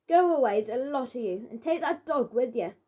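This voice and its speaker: A woman doing a surly shouting caretaker man. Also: a little high, lively intonation, moderate pace, slightly rough. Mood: angry shouting. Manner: shouting, threatening. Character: surly bad-tempered male caretaker, gruff middle-aged. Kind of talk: children's audiobook character voice.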